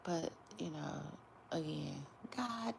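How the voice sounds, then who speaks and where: Woman host, low gravelly hushed delivery, slow and chatty, casual talk to viewers. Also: lively intonation, background noise. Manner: hushed, keeps voice down to not wake others; chatty, drawn-out slang phrasing. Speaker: gossip channel host.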